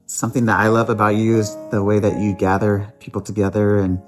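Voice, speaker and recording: A woman with a very deep voice and a flat delivery records a playful, teasing birthday message. Faint music plays behind her. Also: fairly quick. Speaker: friend giving a birthday tribute.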